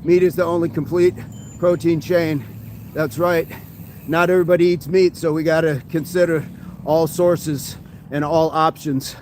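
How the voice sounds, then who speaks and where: Outdoors beside a street with passing traffic, a man hosts a casual, upbeat fitness livestream, reading viewer comments aloud and answering them between exercise sets. His voice is fairly high, steady, a little slow and a little mellow, with some hiss or hum plus vehicle and street ambience behind him.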